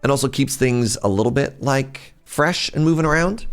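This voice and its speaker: A man's voice: medium pitch, normal speed, faint music behind. A man chatting casually while livestreaming a game, rambling and interrupting himself. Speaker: game streamer.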